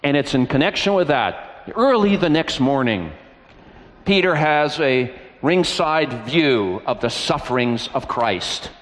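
A man's voice: fairly high pitch, animated, a little slow. A man preaching a sermon, retelling scripture with earnest, emphatic storytelling. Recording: reverberant hall.

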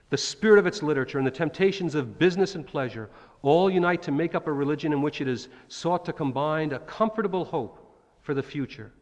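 A man's voice: fairly high pitch, lo-fi sound. A man preaching a sermon, dramatically acting out the cries of Bible figures. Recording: long hall reverb.

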